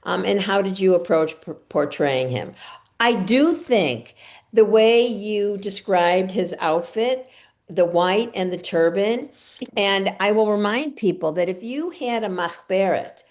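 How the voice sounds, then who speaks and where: A woman's voice: mid-range voice, animated, measured pace, a little mellow. A woman interviewing an author in a casual book discussion, chatty and encouraging, asking questions at length. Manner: chatty, encouraging, short affirmations.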